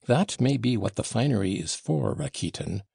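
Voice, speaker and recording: A man's voice: medium pitch, animated, moderate pace, vocal fry, mellow, breathy edge, no room sound, clean studio sound, full character voice. A man reading an audiobook voices a passionate, wounded young woman, talking in a raised, emotional way that swings from tender to scornful. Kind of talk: audiobook character voicing.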